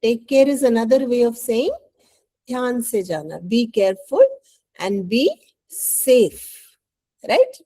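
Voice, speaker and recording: A woman's voice: a little high, lively intonation, moderate pace, pauses often, mellow, low-quality recording. A woman teacher with an Indian English accent giving an online English lesson. She is patient and coaxing, and she often checks in with "right?".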